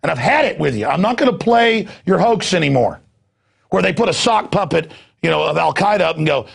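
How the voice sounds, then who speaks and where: Gravelly ranting male news host. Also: animated, a little fast. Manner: ranting, mocks others in shrill put-on voices. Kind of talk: impassioned political monologue.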